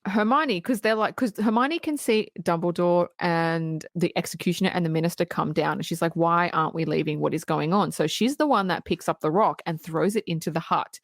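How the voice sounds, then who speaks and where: A woman's voice: lowish voice, a little fast, hardly any pauses, no echo, clean studio sound. Woman podcaster recapping a story. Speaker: podcast co-host. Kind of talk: casual chat, recapping a film plot.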